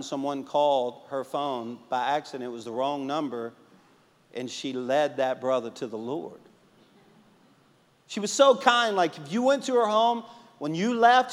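A man who pastors a church, preaching a sermon and telling stories, swinging between emphatic and hushed delivery. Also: a little high, big-room sound. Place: church sanctuary.

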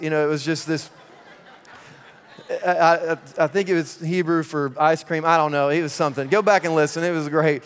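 Male pastor, sermon, energetic and conversational, slightly high voice; reverberant hall. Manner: energetic, conversational, laughing asides. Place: church. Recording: long reverb of a large hall.

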